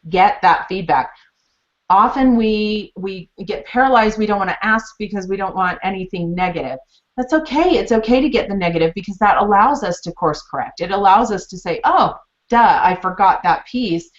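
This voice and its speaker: A woman's voice: medium pitch, brisk. A woman presenting a teaching webinar, explaining steps in a chatty, storytelling way. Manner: chatty storytelling, animated retellings. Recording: muffled lo-fi webinar audio.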